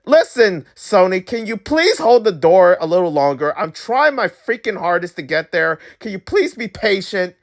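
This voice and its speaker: A man's voice: sits high, big pitch swings, unhurried, fairly bright tone. A man ranting casually to his viewers, rambling and exasperated, with lots of filler words. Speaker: channel host. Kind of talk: casual rant to camera.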